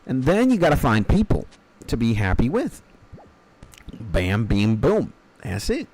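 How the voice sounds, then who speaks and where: A man's voice: medium pitch, wildly swooping pitch, a little slow, darkish tone, a little hiss or hum. A man in his thirties chatting casually while streaming a game. He rambles, swears freely and drifts into half-joking life philosophy. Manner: rambling, profane, mock-philosophical. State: hungry after an early start. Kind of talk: casual chat while gaming.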